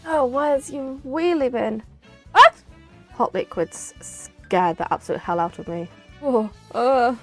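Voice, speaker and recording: Brief: young woman streamer, high bright voice, chatty rambling gameplay talk, faint game music under it. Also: slow. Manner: chatty, rambling, bursts into excited exclamations.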